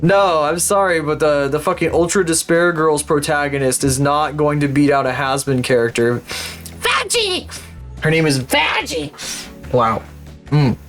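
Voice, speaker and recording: A man's voice: on the high side, moderate pace, a bit bright, soft background music. A young man streaming live, commenting as he plays, swearing often and mumbling names aloud as he guesses.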